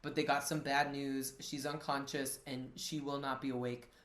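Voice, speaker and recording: A man co-hosting a podcast and recapping a TV drama in casual chat, an animated storyteller who acts out the characters and swears playfully. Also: medium pitch, normal speed, roomy sound. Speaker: podcast co-host.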